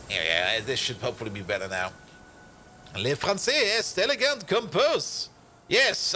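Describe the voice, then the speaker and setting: Young male streamer, bright and tense tone, bouncy delivery, jokey and rambling. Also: fairly high pitch, a little hiss or hum. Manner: joking, rambling, laughs often. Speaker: game streamer. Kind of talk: casual live-stream chat.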